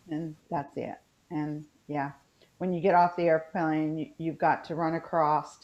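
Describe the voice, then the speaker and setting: Chatty West Virginian woman, dull lo-fi. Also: sits low. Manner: chatty, rambling, with frequent ums. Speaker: co-host. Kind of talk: casual chat on a video call.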